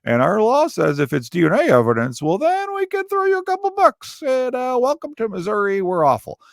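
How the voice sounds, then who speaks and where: A man's voice: high voice, wildly swooping pitch, a little fast, creaky, dry recording, clean studio sound, pitched above the performer's own voice, full character voice. A man voicing a smug state official who offhandedly brushes off a claim, with fillers.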